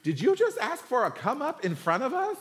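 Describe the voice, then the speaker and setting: A man's voice: extremely high pitch, wildly swooping pitch, fairly quick, slight background noise, pitched above the performer's own voice, exaggerated voice. A man doing exasperated, indignant disciples. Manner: exasperated, sarcastic. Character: indignant male disciples, fed up.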